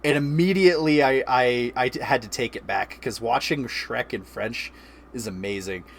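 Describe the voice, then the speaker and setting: A man in his thirties hosts a relaxed chat and tells stories in an animated way, laughing often. His voice sits at an everyday middle pitch. A faint hiss lies under the recording. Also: normal speed, creaky. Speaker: streamer host. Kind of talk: casual chat.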